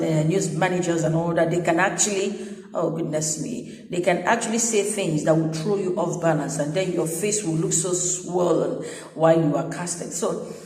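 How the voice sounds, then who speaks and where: A woman's voice: fairly low pitch, a little mellow. A woman news anchor, chatting animatedly as she tells a personal story with quoted dialogue. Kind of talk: casual storytelling vlog. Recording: echoey room with long reverb.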